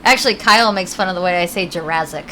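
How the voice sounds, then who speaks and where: A woman's voice: lowish voice, quick pace, pushed and bright, slight background noise, low-quality recording. A woman with a Connecticut accent, chatting casually and rambling while she plays a video game and answers her chat. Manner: chatty, rambling, reads chat aloud, swears now and then. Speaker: game streamer.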